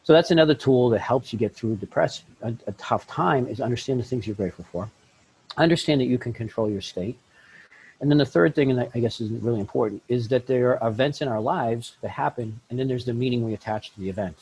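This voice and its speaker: A middle-aged man talking candidly as a podcast guest, blunt and animated, laughing often and acting out little scenes. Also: medium pitch, fast talker, a little hiss or hum, poor audio. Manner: animated, blunt, laughs often, acts out voices in his stories. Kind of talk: candid conversational self-help talk.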